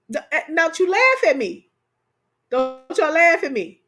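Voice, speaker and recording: A woman's voice: high-pitched, a little slow, soft background music. A woman hosting a livestream, chatting casually and playfully with her viewers and laughing often. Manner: animated, laughing, talks straight to viewers. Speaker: live stream host.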